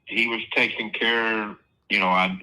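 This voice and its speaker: Blunt, profane man, bright tone. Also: fairly low pitch, level tone, unhurried, poor audio. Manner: profane, blunt storyteller, quotes people. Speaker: property seller. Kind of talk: casual storytelling on a live call.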